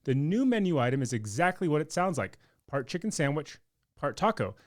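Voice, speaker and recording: A man's voice: a little high, very animated, a little fast. A man co-hosting a podcast, reading news items aloud and trading wry, teasing jokes in casual chat. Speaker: podcast co-host.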